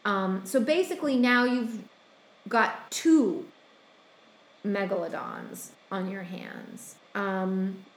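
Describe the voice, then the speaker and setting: Slow rambling woman recapping a film. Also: mid-range voice, roomy sound, slight background noise. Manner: rambling with many ums and quoted asides. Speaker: podcast co-host recapping a film. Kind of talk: casual chat.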